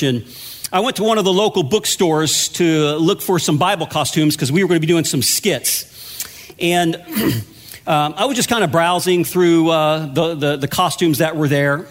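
A pastor delivering a sermon in a conversational, storytelling way, with humor at his own expense. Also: high-pitched. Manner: conversational, self-deprecating storytelling.

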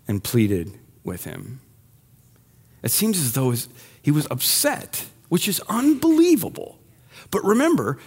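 A man preaching with a fairly high voice, easygoing and conversational. He jokes and asks the congregation questions. He builds to emphatic, rising peaks on his main points. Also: darkish tone. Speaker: pastor. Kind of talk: sermon.

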